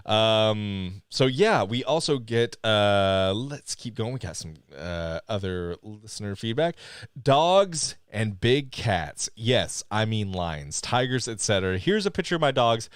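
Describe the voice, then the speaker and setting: A man co-hosting a live podcast in casual chat, animated and laughing often as he reads listener comments aloud. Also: lowish voice, unhurried, clear, resonant tone, no echo, studio quality. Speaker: podcast co-host.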